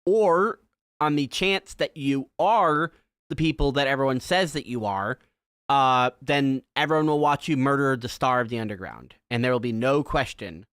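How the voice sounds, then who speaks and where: A man's voice: medium pitch, moderate pace, a bit bright, clear, resonant tone, dry recording, studio quality. A man hosting a casual chat, explaining a video game's events step by step. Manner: explanatory, walks through game events step by step. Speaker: podcast host.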